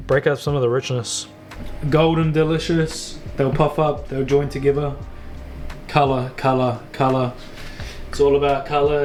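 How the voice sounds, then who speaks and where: A man talking casually through a home baking video, loose and chatty with slangy asides. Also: fairly high pitch. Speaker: home cook. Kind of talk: casual cooking vlog.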